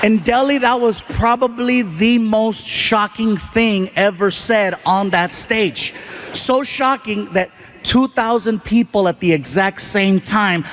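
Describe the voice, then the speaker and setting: A man doing stand-up comedy on a large stage, telling a story and acting out other people's voices with shouted punchlines. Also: sits high, slow pace. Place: large theater stage before a live audience. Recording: live stage recording with audience noise.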